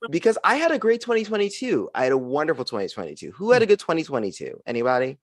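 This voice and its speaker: A man's voice: fairly high pitch, racing, dry recording. A young man performs stand-up comedy into a video-call mic, his voice leaping all over the place as he drives toward each punchline. He sounds close and dry, with no room around him. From United States. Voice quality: animated, punchy delivery with frequent laughs. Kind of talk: stand-up set on a live stream.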